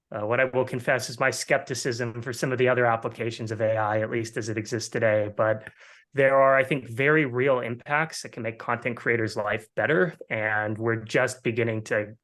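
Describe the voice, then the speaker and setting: Male executive, mid-pitched, steady corporate delivery, webinar panelist. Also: moderate pace. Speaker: agency marketing executive.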